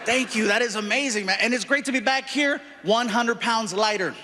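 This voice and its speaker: A male stand-up comedian telling animated stories on a theater stage and acting out characters. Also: very high voice, normal speed, long reverb tail. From United States. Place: theater stage before a live audience. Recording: live show with audience and background noise.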